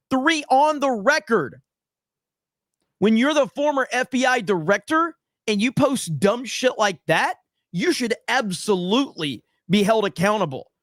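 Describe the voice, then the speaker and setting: A man's voice: high-pitched, a bit bright, no echo, studio quality. Heated, profane male podcast host. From USA. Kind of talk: casual political commentary.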